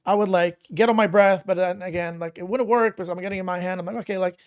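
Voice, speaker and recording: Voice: medium pitch, steady tone, fast, clear, resonant tone. Rambling podcast host telling a story. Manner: rambling, many fillers and restarts. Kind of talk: casual interview chat.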